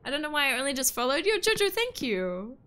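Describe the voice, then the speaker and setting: A woman's voice: high voice, very animated, fast talker, a bit bright, a little hiss or hum. A woman in her twenties, a streamer chatting casually and playfully with her chat while playing a game, laughing often. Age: 20s. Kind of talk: casual gaming livestream chat.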